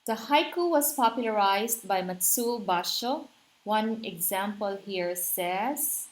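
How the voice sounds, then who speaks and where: Slow, patient woman teaching literature. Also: medium pitch, expressive, poor audio. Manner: patient, checks in with listeners, taps out rhythms aloud. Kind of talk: explanatory recorded lecture.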